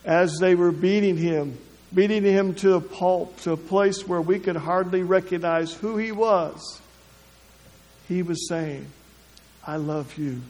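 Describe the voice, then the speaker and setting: A man preaching a sermon, halting, with many restarts and repeated words. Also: sits high, fairly even intonation, a little mellow. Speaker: pastor. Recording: long hall reverb.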